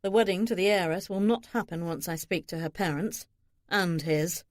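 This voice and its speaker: A woman voicing a protective young nobleman who talks in a flat, threatening way. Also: sits high, moderate pace, no echo, natural voice. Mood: stern. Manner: dry, threatening.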